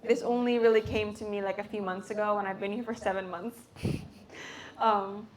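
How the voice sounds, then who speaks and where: A woman's voice: medium pitch, fairly even intonation, moderate pace, background noise. A teenage girl from the United States, an exchange student, telling her story in a casual chat, full of fillers and acting out her own reactions. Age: teens. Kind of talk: casual talk at a hosted chat.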